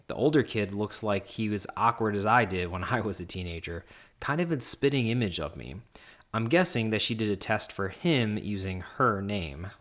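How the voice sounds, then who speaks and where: A man with a fairly low-pitched voice reads relationship advice posts aloud. Between posts he comments in an earnest, advising tone, talking straight to the poster. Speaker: Reddit story reader.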